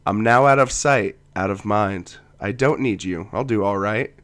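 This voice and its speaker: A laid-back man co-hosting a comedic podcast, dry and wry as he talks. His voice sits on the low side, and he is getting over a cough. He reads aloud in the same easy tone. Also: normal speed, fairly bright tone. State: has a lingering cough. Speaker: podcast co-host. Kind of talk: casual comedic chat and reading a poem aloud.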